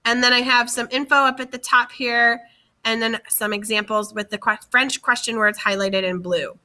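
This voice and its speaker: A woman's voice: a little high, steady tone, normal speed, sharp tone. A woman teacher giving a slide-based lesson, speaking carefully and repeating key words for her students. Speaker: French teacher.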